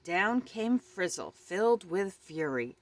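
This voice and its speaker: A woman reading a children's picture book aloud at home with expressive storytelling. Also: on the low side, slow pace.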